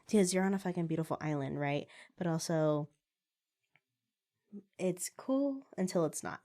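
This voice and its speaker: A woman's voice: on the low side, lively intonation, normal speed, warm tone. A woman chatting frankly on a podcast, speaking candidly and swearing casually. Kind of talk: casual chat.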